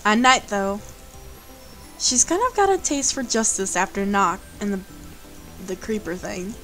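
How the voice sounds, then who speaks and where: A woman's voice: mid-range voice, measured pace, fairly bright tone, soft background music, poor audio. A woman hosting a let's play, reading a visual novel aloud and breaking off for playful, chatty asides.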